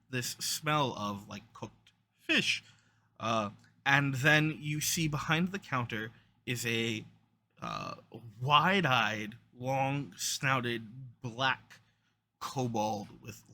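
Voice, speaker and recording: A game master narrating a tabletop game in a lively, rambling way with fillers. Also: mid-range voice.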